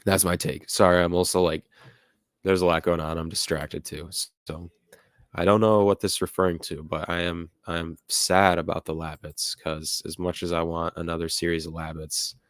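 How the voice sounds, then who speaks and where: Young guy with a deep low voice, rambly livestream chat, reading comments, dry close sound. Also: level tone, normal speed, no room sound. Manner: rambling, filler-heavy, laughs at chat comments. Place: home room with music playing nearby.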